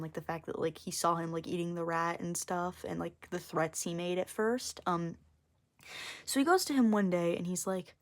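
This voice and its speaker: Rambling young woman artist. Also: lowish voice. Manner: rambling, heavy use of fillers. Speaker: artist vlogger. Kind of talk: casual rambling explanation.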